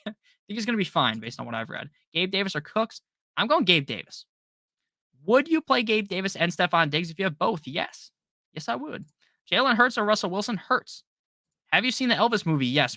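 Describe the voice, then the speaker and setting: A man hosts a casual live stream from a close desk mic, running through viewer questions one after another and joking between answers. His voice is bright and forceful, pitched a little high, in a dry, close sound. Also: dry recording. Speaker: fantasy football stream host.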